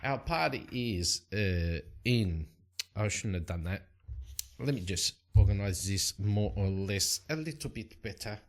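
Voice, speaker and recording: A man narrating and playing a solo tabletop game at a desk mic, rambling and relaxed with plenty of fillers. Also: fairly low pitch, measured pace. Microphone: desk microphone.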